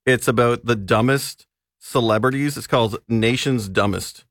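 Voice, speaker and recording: A man chatting casually on a radio talk show, easygoing and quick to laugh. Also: mid-range voice, fairly bright tone, no room sound, studio quality. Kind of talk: casual chat. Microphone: studio microphone.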